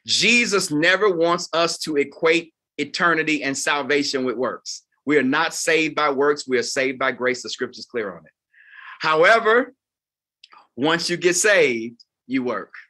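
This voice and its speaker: A man in his fifties, a pastor, preaching a closing sermon to volunteers and sweeping from loud highs to quiet lows. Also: a little slow. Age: 50s. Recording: live talk before a group.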